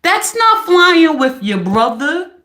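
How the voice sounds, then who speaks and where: A woman livestreamer ranting loudly and profanely on a live stream. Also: high voice, slow pace. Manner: loud, profane, animated ranting.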